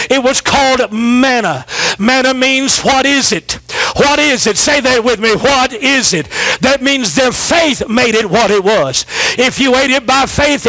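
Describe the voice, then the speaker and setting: A middle-aged man preaching a sermon as pastor, calling out to the congregation and swinging from shouted refrains to low, quick asides. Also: no room sound.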